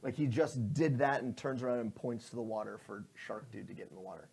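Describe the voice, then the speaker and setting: A man narrating as game master of a tabletop game, lively, slipping into quick voices for his characters. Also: medium pitch, vocal fry, a little hiss or hum.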